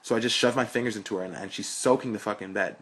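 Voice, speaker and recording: Young man, story reading, low voice, husky, blunt. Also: fast, fairly bright tone. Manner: frank, blunt, profane storytelling. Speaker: narrator.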